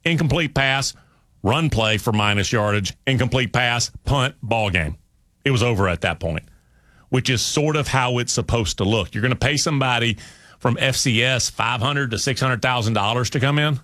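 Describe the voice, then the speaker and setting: A man's voice: medium pitch, moderate pace, sharp tone, no room sound. Man, sports talk host, emphatic, conversational, dry studio sound. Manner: conversational, emphatic, talks through restarts.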